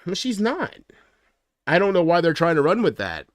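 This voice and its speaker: A man's voice: high-pitched, huge pitch swings, moderate pace, no room sound, clean studio sound. A man hosting his own livestream, rambling casually and joking, often laughing at his own jokes. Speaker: livestream host.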